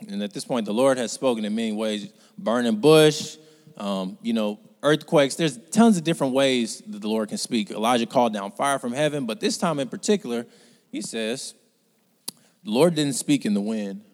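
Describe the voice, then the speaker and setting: A man preaching a sermon, speaking conversationally and sometimes rising to loud, urgent exhortation. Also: medium pitch, normal speed, in a large hall.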